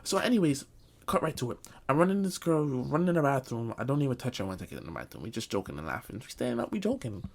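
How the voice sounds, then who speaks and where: A man's voice: medium pitch, sing-song, fast, gravelly. A man telling a comic storytime, talking loosely in slang and saying bro a lot. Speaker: vlogger. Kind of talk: comedic storytime.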